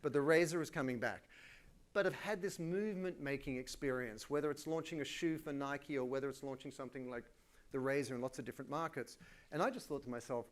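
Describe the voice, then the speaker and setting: A middle-aged Australian man giving a live conference keynote, energetic and colloquial, with self-deprecating asides. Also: mid-range voice, a little fast. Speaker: keynote speaker.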